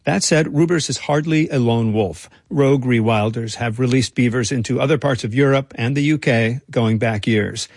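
A male radio reporter narrating a scripted feature in a measured, dry way. His voice is husky and close, recorded in a dead-quiet booth with no room sound. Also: mid-range voice, no echo.

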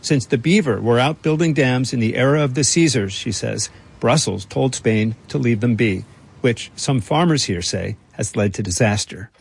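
A man reporting and narrating a radio feature in a measured, dry storytelling delivery. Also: medium pitch, creaky, slight background noise. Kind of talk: scripted narration.

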